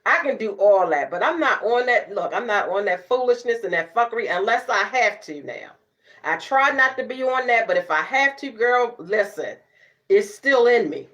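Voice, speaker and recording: A sassy, loud middle-aged beauty vlogger chats casually to the camera at a medium pitch. She laughs often and cusses freely.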